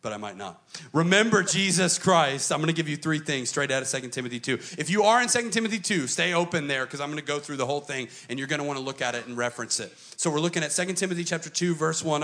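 A man preaching a sermon to a church congregation, emphatic and dramatic, switching between quick runs and slow, stressed phrases. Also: on the high side, fairly bright tone. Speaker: pastor.

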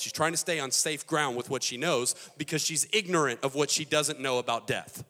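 Bright-voiced male pastor in a hall. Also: medium pitch, fairly quick, hardly any pauses. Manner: animated storytelling, emphatic. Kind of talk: sermon. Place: large hall. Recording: long hall reverb.

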